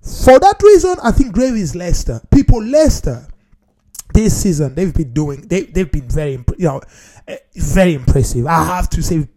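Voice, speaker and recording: A man talking casually to his viewers in a playful, animated way, often repeating phrases for emphasis and calling his audience "people". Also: on the high side, normal speed. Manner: non-standard grammar, repeats phrases for emphasis. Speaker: vlogger. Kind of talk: casual talk to camera.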